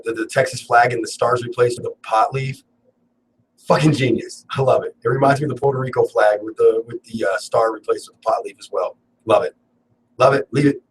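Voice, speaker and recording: A man's voice: mid-range voice, recorded from a distance, rough recording. A young man hosting a casual solo talk show, rambling and joking and swearing freely. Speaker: cannabis talk show host. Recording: faint background noise, a bit off-mic.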